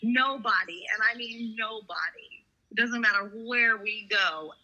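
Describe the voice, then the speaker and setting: A woman's voice: fairly high pitch, a little slow, pushed and bright, lo-fi sound. A woman from Florida co-hosting a podcast, playfully teasing and laughing often in casual chat. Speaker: podcast co-host.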